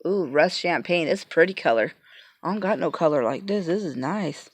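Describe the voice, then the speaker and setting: A woman chats through a casual unboxing vlog, her voice sitting a little low. She sounds touched and grateful, and her talk stops and starts with fillers and repeated words. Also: animated, normal speed, no room sound. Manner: emotional, gushing and grateful; hesitant, many fillers and restarts. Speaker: vlogger. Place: home, passing cars heard outside.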